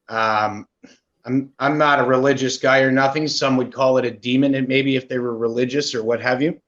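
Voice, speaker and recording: A man from Canada, a podcast guest, candidly telling his own story in an animated way, often asking "right?" as he goes. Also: medium pitch. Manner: animated, with frequent "right?" asides. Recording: muffled lo-fi audio.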